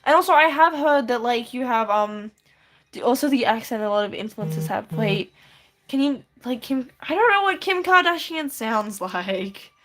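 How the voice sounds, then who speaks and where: A woman's voice: fairly high pitch, animated, moderate pace, fairly bright tone. A woman chatting casually on a livestream while drawing, rambling with many fillers and easy laughs. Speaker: streamer.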